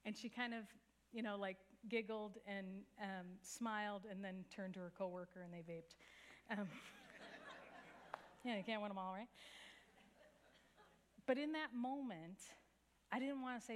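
A woman's voice: mid-range voice, moderate pace, long pauses. A woman pastor preaching a sermon, telling a story in an earnest, conversational way. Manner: earnest storytelling with a few soft laughs.

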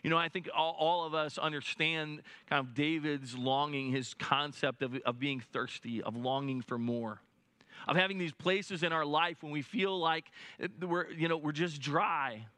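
A man delivers a sermon in a high, bright voice. He is earnest and stumbles over his restarts, then sinks low and soft at solemn moments. The sound is close and dry. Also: moderate pace, no echo. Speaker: pastor.

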